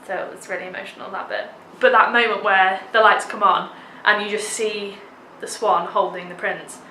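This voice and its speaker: A woman's voice: mid-range voice, bright, forceful tone, roomy sound, a little hiss or hum, low-quality recording. A young woman vlogging a theatre review, gushing with enthusiasm and dropping lots of "like"s. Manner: gushing, enthusiastic, many filler "like"s. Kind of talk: casual theatre review vlog.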